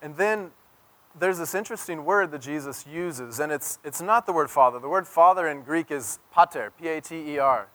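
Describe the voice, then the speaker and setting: Male pastor, sermon, fairly high voice, storytelling, loud then soft. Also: moderate pace. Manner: storytelling, swings from loud emphasis to near-whisper.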